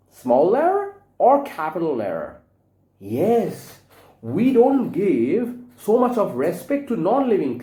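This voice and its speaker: Man teaching grammar to young children, lively. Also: medium pitch, echoey room. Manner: patient, repeats words and spells them out letter by letter; addresses the children fondly and asks them to repeat after him.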